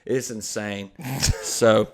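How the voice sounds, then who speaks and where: A man's voice: lowish voice, fairly even intonation, drawn-out words. A man in his thirties telling crude, joking stories as a podcast co-host. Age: 30s. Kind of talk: casual comedy podcast chat.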